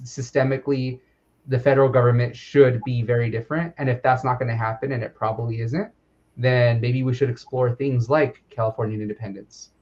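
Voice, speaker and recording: A man hosting a podcast, earnest and reflective as he works through his thoughts out loud. His voice is mid-pitched, and the recording sounds muffled and lo-fi. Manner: earnest, thinking aloud with fillers and restarts. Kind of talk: reflective conversational talk. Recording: dull, lo-fi sound.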